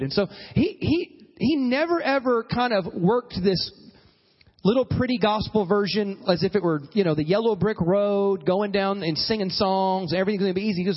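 Animated high-voiced preacher in a hall. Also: male voice, normal speed, muffled recording. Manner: animated preaching, acts out quoted voices, calls for amens. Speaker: pastor. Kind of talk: sermon.

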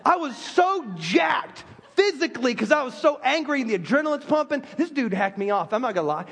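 A man's voice: extremely high pitch, expressive, normal speed, fairly bright tone, long reverb tail. A man preaching a sermon as a pastor, telling stories with self-deprecating humor.

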